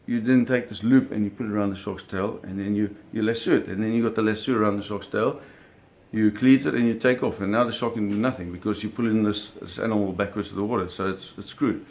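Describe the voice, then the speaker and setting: A man with a lowish, darkish voice speaks quickly in a steady tone, recalling his shark-hunting days as a casual spoken anecdote. He tells it vividly, acting out the sounds, and keeps correcting himself and repeating words.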